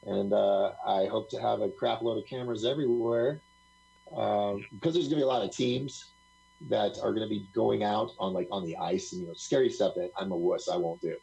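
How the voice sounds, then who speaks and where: Gravelly, husky man telling stories. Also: fairly low pitch, fairly quick, dark tone, poor audio. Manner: rambling, laughs often, acts out quotes. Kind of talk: casual storytelling on a live talk stream.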